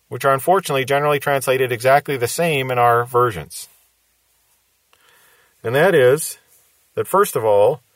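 A man's voice: medium pitch, no room sound. A man preaching a verse-by-verse Bible teaching sermon, explaining patiently and repeating key phrases for emphasis.

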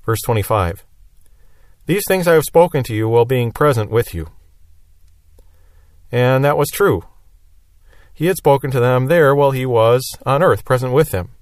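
A man's voice: mid-range voice, lively intonation, moderate pace, long pauses, no room sound, studio quality. A man teaching a Bible lesson verse by verse, explaining plainly and repeating key phrases.

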